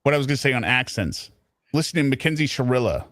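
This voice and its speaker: A male host from the Pacific Northwest chatting in a joking, animated way. His pitch swings widely as he talks. The recording is dry and close. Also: quick pace, dry recording. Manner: animated, joking, mimics voices. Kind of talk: casual commentary chat.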